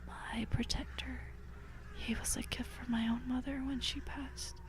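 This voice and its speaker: A woman's voice: high-pitched, fairly even intonation. Woman whispering as a dying old mother. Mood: eerie. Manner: breathy, slow, hushed whisper. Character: dying elderly mother, serene and eerie. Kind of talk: whispered role-play.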